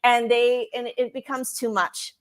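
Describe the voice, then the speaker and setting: A woman's voice: on the high side, level tone, unhurried, smooth. A woman interviewed as a career coach for expats, talking casually with frequent restarts and filler words.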